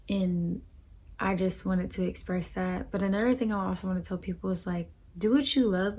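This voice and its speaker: A woman's voice: mid-range voice, darkish tone, husky. A young woman musician talking casually and earnestly about her music, rambling with lots of fillers. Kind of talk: casual heartfelt talk to camera.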